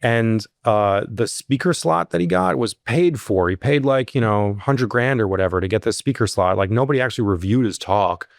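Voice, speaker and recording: A low-voiced man tells a story in a relaxed podcast chat, his voice climbing sharply whenever he acts out a scene. He stumbles through fillers and restarts. The recording is dry and close. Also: normal speed, creaky, hardly any pauses, no room sound. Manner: animated, rises sharply when acting out quotes. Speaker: security company CEO, guest. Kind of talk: casual storytelling interview.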